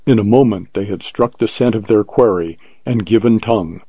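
A man reading an adventure story aloud in a measured, vivid way, on a dull lo-fi recording. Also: lowish voice, dark tone, breathy edge, no room sound. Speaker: narrator. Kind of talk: scripted narration of an adventure story.

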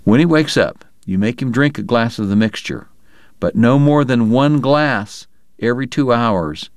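A man's voice: mid-range voice, unhurried, no echo, studio quality, lightly acted. A man voicing a stern, commanding frontier doctor who speaks curtly. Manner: curt, commanding.

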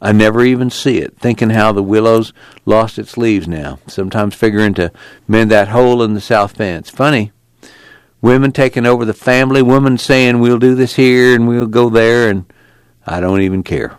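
A man's voice: fairly low pitch, steady tone, moderate pace, clean tone, no room sound, lightly acted. A man voicing a tired, beaten-down farm father who talks in a mournful rural dialect. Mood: weary.

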